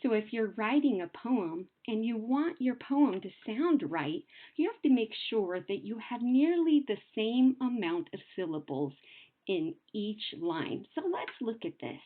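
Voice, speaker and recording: Lively sing-song woman teacher, phone-like sound. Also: on the high side. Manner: patient, sing-song teacher talk, slows to sound out words. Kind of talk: recorded classroom lesson.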